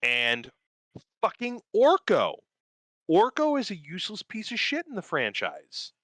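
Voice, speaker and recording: A man's voice: sits high, wildly swooping pitch, unhurried, fairly bright tone, no room sound, low-quality recording. A man in casual podcast chat, recapping a cartoon in a profane, rambling, enthusiastic way. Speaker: podcast co-host.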